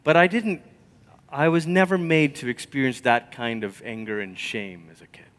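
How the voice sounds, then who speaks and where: A man preaching a sermon, telling stories conversationally and swinging from loud emphasis to near whispers. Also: medium pitch, moderate pace. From Malaysia. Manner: storytelling, conversational. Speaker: pastor.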